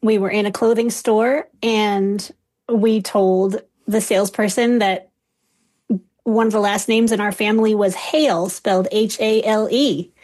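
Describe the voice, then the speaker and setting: A woman research professor, a guest on an interview, explaining in a clear, measured way. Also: mid-range voice, steady tone, a little mellow.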